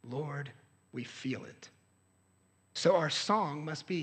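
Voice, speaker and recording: A young adult man preaching a sermon as pastor, earnest, swinging from loud outbursts to hushed lows. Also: takes it slowly, pauses often, husky. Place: church sanctuary. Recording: hall reverb.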